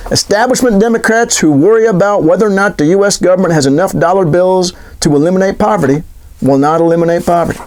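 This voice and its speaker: Man, middle-aged, high voice, sarcastic, solo commentary. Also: fast talker, a little mellow. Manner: sarcastic, mock-questioning, frequent restarts. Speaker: podcast host.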